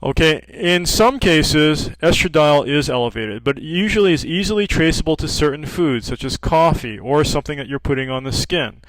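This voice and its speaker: With a fairly high, slightly bright voice, a hormone practitioner who sells progesterone cream talks animatedly at normal speed with few pauses. He tells customers casual stories about patients, performs callers' lines, and repeatedly says "okay." The poor audio carries a little hiss or hum.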